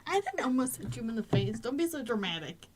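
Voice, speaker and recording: This woman in her thirties co-hosts a relaxed chat, her voice sitting somewhat high. She talks in an animated, salty way and acts out quotes loudly. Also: quick pace. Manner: animated, swearing, loud acted-out quotes. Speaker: podcast co-host. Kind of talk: casual chat.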